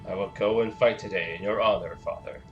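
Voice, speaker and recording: A male streamer with a very deep voice reads game dialogue aloud, plain and a little hesitant, now and then poking fun at himself. Faint game music runs behind. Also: steady tone, a little fast, muffled recording. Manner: plain, hesitant and self-deprecating.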